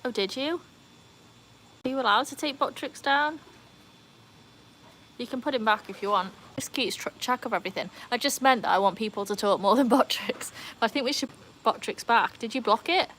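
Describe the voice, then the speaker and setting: A woman's voice: a little high, moderate pace, fairly bright tone, a little hiss or hum. A woman hosting a casual livestream from beside a pool, chatting with viewers and breaking into squealing cheers. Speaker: livestream host. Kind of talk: casual live-stream chat reading viewer comments. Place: outdoors beside a home swimming pool.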